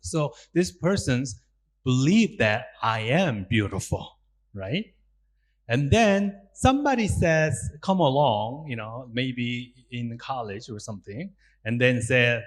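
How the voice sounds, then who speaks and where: A man's voice: mid-range voice, unhurried. A man with a Korean accent, a Buddhist monk giving a public talk, asking his listeners questions and acting out little quotes. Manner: animated, asks the audience questions, acts out quotes.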